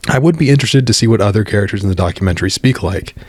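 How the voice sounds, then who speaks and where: A man's voice: lowish voice, lively intonation, very fast, darkish tone, breathy edge, no room sound. An American man delivering a scripted commentary monologue in a blunt, opinionated way, swearing freely. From United States.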